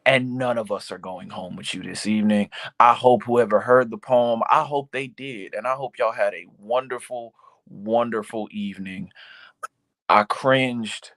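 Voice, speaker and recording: A man's voice: mid-range voice, measured pace, fairly bright tone. A young man judging a poetry slam live, giving a candid critique in slangy, joking talk. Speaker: judge.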